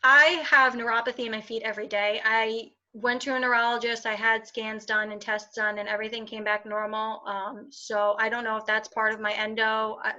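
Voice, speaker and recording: Bright-voiced woman in her twenties, lo-fi. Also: a little high, flat delivery, normal speed, hardly any pauses. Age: 20s. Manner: candid, laughing, frequent fillers and restarts. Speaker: podcast guest. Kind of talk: casual interview conversation. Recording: dull lo-fi sound.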